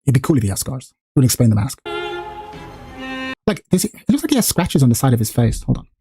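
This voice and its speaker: A man streams a casual reaction to a game trailer, talking fast over background music. Excited and profane, he climbs higher and louder as the hype builds.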